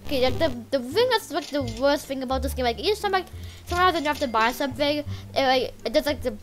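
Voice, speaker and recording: A woman casually commenting while playing a game, rambling and excitable with lots of filler words. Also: high voice, fast talker, soft background music. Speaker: gameplay channel host.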